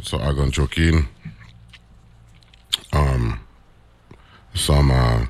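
A man hosting a morning radio talk show in a relaxed, chatty way. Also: a bass voice, drawn-out words. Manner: relaxed, chatty, loose island phrasing.

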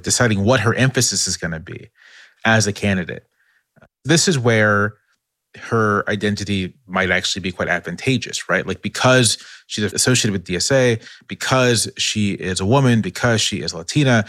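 A man with a low voice talks through politics in a relaxed podcast conversation. He circles his points, restarts his sentences and checks in with "right?" as he goes. The recording is dry and close, with no room sound. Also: dry recording. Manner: thinking aloud with many restarts and "right?" tags. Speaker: political analyst. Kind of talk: casual podcast discussion.

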